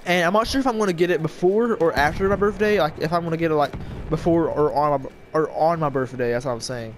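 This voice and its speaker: A man giving casual gameplay commentary, talking fast with jumbled words, frequent stutters and restarts. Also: on the high side, slight background noise. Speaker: gaming channel host. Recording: loud gunfire and battle game sounds behind. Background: shooter game audio with gunfire and vehicles.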